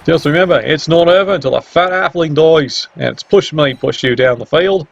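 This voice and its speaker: A man's voice: on the high side, normal speed, vocal fry. A man commentating a video game match in a sarcastic, teasing way. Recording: dull lo-fi mic with faint hiss.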